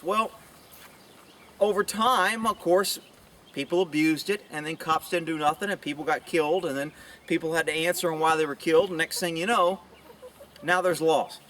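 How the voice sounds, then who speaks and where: A man's voice: fairly even intonation, normal speed, sharp tone. A middle-aged man who is a police officer, talking bluntly and opinionatedly to camera outdoors, with rambling asides. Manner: puts on high mocking voices for quoted women. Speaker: police officer sharing views. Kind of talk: casual monologue to camera. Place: outdoors with chickens nearby. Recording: voice somewhat far from mic.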